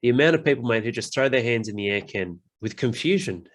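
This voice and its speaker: A man's voice: medium pitch, expressive, moderate pace. A man hosting a podcast in a loose, casual chat. His talk is blunt and full of swearing. He often slips into mocking impressions of other people's complaints. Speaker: podcast host.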